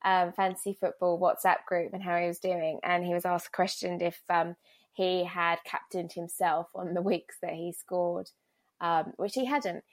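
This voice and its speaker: A woman's voice: on the low side, level tone, normal speed. A woman co-hosting a casual football podcast, giggly, with dry teasing humor. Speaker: podcast co-host. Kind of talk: casual chat.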